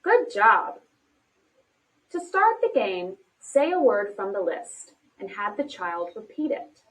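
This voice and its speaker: Woman narrator, bright animated delivery, encouraging and clear, recorded a bit off-mic. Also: mid-range voice. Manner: slow, clearly paced, encouraging teacher talk. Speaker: instructional video narrator. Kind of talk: scripted instructional narration. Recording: distant from the mic.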